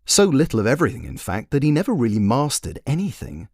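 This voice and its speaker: Guy reading his own fairy tale, wry and playful, lively up and down voice. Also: mid-range voice, fast talker, breathy edge, no echo, studio quality. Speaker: storyteller and author. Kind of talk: storybook narration.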